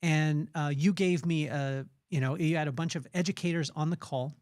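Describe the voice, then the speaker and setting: Excitable man telling a long story. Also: fairly high pitch, normal speed, no echo, studio quality. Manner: rambling storytelling with restarts. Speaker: podcast host. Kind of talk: casual interview chat.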